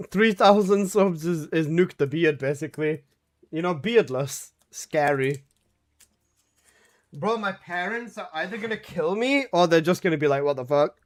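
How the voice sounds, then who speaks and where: A young man streaming a game, chatting casually, reading chat aloud and answering with swearing and laughs. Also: high-pitched.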